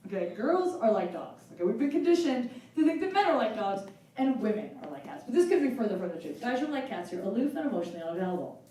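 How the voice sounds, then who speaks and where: Woman, 40s, stand-up comedian, chatty, self-mocking, slightly high voice, heavy room echo. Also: sing-song, fast talker, dark tone. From United States. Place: comedy club stage with a laughing audience. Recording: echoey club sound from far off.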